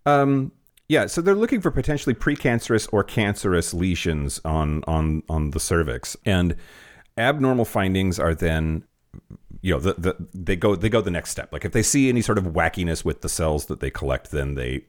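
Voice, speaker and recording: A man's voice: sits low, lively intonation, normal speed. A man co-hosting a casual podcast, joking and swearing a lot, often restarting his sentences. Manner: profane, joking, lots of restarts. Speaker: podcast co-host.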